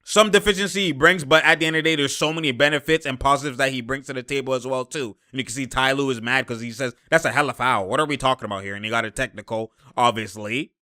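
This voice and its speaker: A young man giving a casual basketball breakdown over game highlights. He is excitable, laughs often and keeps repeating his catchphrases. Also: fast talker, few pauses. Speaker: basketball commentator.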